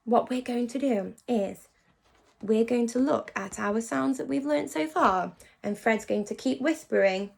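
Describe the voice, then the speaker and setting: A woman teacher giving a phonics lesson to young children. She praises them often and slows down to sound out words. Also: a little high, vocal fry. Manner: animated and encouraging, praising often.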